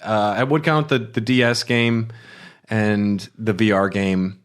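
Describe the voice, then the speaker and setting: A man hosting a podcast in casual chat, relaxed and quick to chuckle. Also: on the low side, clean tone. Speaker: podcast host.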